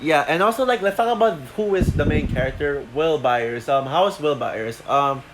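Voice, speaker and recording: A man talking through a show review off the cuff, halting with many fillers and restarts, short of breath. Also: on the high side, lively intonation, heavy background noise. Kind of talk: unscripted review talk.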